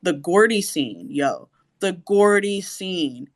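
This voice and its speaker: A woman co-hosting a podcast in casual chat, animated and cursing, acting out her own reactions. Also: lowish voice, slow pace. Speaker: podcast co-host.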